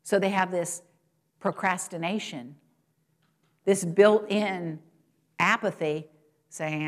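A woman preaching a sermon to a congregation, asking rhetorical questions and swinging from loud, high exclamations to soft, low asides. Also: takes it slowly, long pauses. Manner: rises in pitch and volume for quoted lines and exclamations, drops low and soft at points; addresses congregation directly, asks rhetorical questions.

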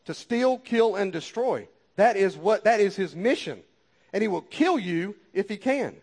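A man's voice: high-pitched, animated, unhurried, a little mellow. A man preaching a sermon with fervent, repetitive exhortations and folksy asides.

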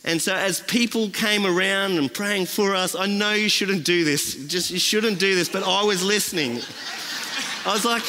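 Earnest preacher with a bright voice. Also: male voice, high voice, measured pace, a little hiss or hum. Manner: earnest, repeats phrases for emphasis. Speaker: guest preacher. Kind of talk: sermon. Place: church. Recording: long church reverb.

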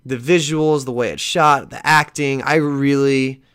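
Unhurried and clear, this man's medium-pitched voice has a resonant tone as he hosts a podcast. His long casual story wanders, restarts, and has some mild swearing, and he livens up when recounting conversations.

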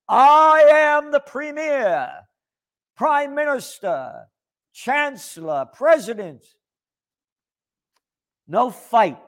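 A man's voice: very high-pitched, very animated, extremely slow, long pauses, pitched above the performer's own voice, heavily acted. A man voicing a pompous, domineering male leader who barks out decrees. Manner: barking, pompous.

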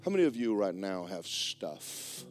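A church pastor preaches a sermon, telling a story with lively energy as his low voice swings between hushed and loud, at a slightly slow pace. Faint guitar music plays in the background.

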